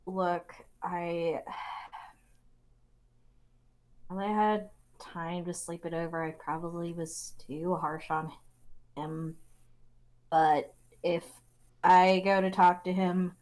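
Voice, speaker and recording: A woman playing a nervous, apologetic young woman traveler in a tabletop game, speaking haltingly with sighs and restarts. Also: on the low side, steady tone, darkish tone. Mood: regretful. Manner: hesitant, halting, sighing.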